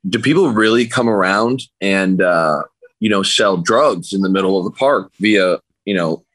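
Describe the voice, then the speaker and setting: Guy with a low voice telling a wild story on a call, dry sound. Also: slightly rough, no room sound, low-quality recording. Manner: animated anecdote teller, acts out other people's lines. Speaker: podcast guest. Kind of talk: casual storytelling. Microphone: remote call.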